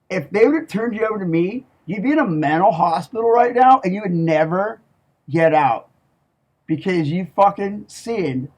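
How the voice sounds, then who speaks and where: Guy ranting and threatening, swearing constantly, kinda high husky voice, slow and pushy. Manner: profane and menacing, with heavy swearing; slow, emphatic, repeats "okay?". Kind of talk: ranting monologue.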